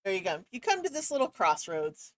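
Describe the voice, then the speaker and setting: A woman's voice: medium pitch, big pitch swings, fairly quick, no echo, clean studio sound. A woman running a tabletop game as game master, talking casually with many fillers.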